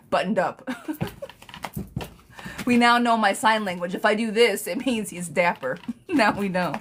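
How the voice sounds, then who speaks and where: A woman's voice: fairly low pitch, a little hiss or hum. A young woman reading tarot on a live stream, casual and sassy, who laughs often and swears freely.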